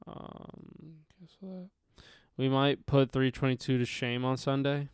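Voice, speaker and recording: A man's voice: mid-range voice, slow pace, clear, resonant tone, no echo, studio quality. A young man hosting a casual sports livestream, talking loosely, laughing, swearing and trailing off. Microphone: headphones on, close mic.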